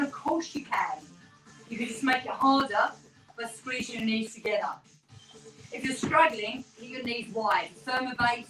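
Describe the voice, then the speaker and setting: A woman's voice: fairly high pitch, a bit bright. A woman coaching a home workout class, chatty and encouraging, slightly out of breath as she counts reps alongside her viewers. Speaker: fitness instructor. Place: small room in a terraced house. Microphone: no microphone, camera mic from across the room. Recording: roomy, distant, with workout music. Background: faint workout music.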